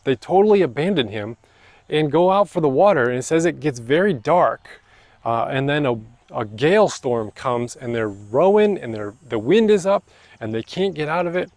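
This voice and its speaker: A man's voice: a little high, expressive, normal speed, a little mellow, no room sound. Casual, conversational man preaching. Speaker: pastor. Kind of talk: sermon. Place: church.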